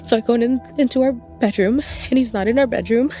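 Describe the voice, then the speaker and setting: High-voiced woman recalling a painful night. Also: brisk, dark tone, soft background music. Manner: emotional, reenacts her own past dialogue. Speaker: widow interviewee. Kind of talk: personal interview recollection.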